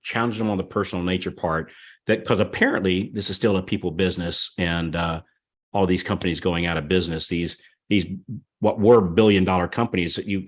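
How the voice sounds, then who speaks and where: A man hosting a podcast in casual conversation, speaking emphatically in short repeated lines. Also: deep voice. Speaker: podcast host.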